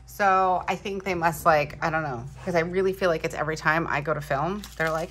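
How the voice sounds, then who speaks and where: A woman chatting casually at home as she unboxes planner supplies, excitable and gushing, thinking aloud as she goes. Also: low-pitched, brisk, few pauses, slight background noise. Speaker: planner vlogger. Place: home room.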